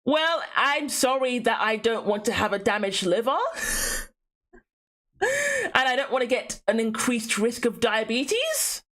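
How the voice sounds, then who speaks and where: Brief: young female let's-play host, high-pitched and swooping, jokey and repetitive. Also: unhurried. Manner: playful, animated, given to repeating herself. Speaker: gaming streamer. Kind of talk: casual let's-play commentary.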